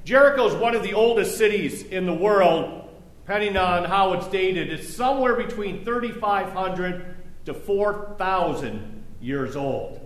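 A man's voice: high voice, animated, a little slow. A man preaching a sermon as a pastor, reading scripture and then talking conversationally with joking asides. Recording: echoey room.

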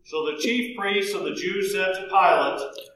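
A man reads scripture aloud in a steady, solemn, measured way. His voice sits high for a man, and the recording is very echoey with faint noise behind it. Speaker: narrator.

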